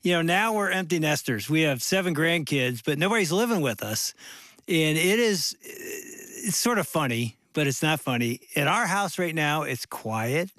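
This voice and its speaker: An older man co-hosting a studio podcast, with easy teasing banter. His voice sits somewhat high for a man. The close mic gives a dry, intimate sound. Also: animated, moderate pace, a bit bright, no room sound. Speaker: co-host and pastor. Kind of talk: casual podcast chat.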